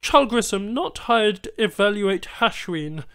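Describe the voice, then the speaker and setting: Alien trader, male, halting broken speech, voiced by a male narrator, raised pitch, smooth tone. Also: expressive, a bit bright, full character voice. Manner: clipped broken phrasing, formal apologies.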